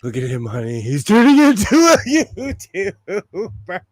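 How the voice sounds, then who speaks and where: A man's voice: high voice, huge pitch swings, measured pace, no echo. A young adult man chatting casually on a livestream from his home sewing room, rambling through asides and laughing often. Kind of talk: casual live-stream chat. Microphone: phone close by.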